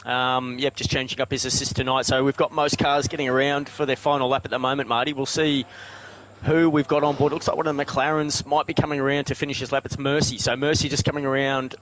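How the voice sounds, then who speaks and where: A man giving steady, informative sim racing co-commentary. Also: mid-range voice, fast, low-quality recording. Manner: steady, informative, with filler ums.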